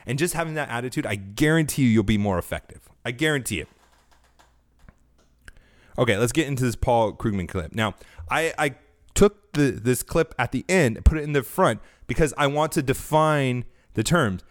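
A man's voice: mid-range voice, normal speed, no room sound, clean studio sound. A man hosting a faith-based business podcast, talking earnestly, often restarting his sentences and getting fired up as he preaches. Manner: earnest, self-correcting, animated preaching tone. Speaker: podcast host.

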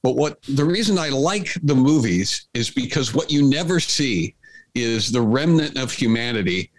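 A man co-hosting a talk show, musing in a halting, thoughtful way. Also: mid-range voice, expressive, dry recording. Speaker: podcast co-host. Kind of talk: reflective conversation.

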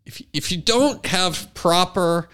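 A man co-hosting a casual chat, relaxed and jokey, chiming in often with asides. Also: sits high, slow, clean tone. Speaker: podcast co-host.

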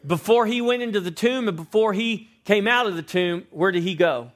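A pastor preaching a sermon, swinging between loud emphasis and hushed asides and asking rhetorical questions. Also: male voice, high voice, normal speed. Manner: asks the congregation rhetorical questions.

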